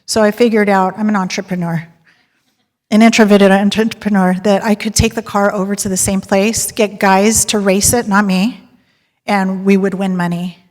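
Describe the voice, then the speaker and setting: Lively woman presenter in an echoing hall. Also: medium pitch, moderate pace. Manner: lively storyteller, polls the audience and laughs often. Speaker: sales director giving a talk. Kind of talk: live presentation to an audience. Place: large hall with audience. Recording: long hall reverb.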